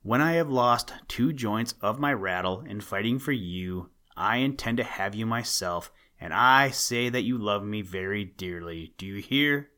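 A man's voice: fairly low pitch, lively intonation, unhurried, hardly any pauses, pushed and bright. A man voicing a stern, domineering old male rattlesnake in a storybook reading.

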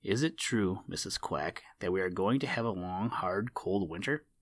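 A sly, sharp-eyed crow who loves to tease, speaking with mock kindness and a chuckle in the words, as a male storybook reader puts him on. The voice sits fairly low, and the recording is dry and close. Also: normal speed, no room sound.

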